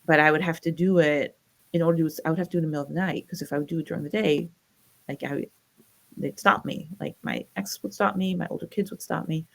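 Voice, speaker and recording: A woman's voice: low-pitched, fast talker, vocal fry. A middle-aged woman from the United States, a guest telling her personal story in an interview, acting out the voices of the people she quotes. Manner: animated retelling, acts out quoted voices.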